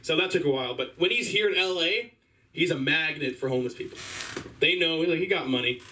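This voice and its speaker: A young man doing a rambling open-mic stand-up set, halting and full of fillers. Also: a little high, animated, sharp tone. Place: small comedy stage. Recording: distant mic, faint room noise.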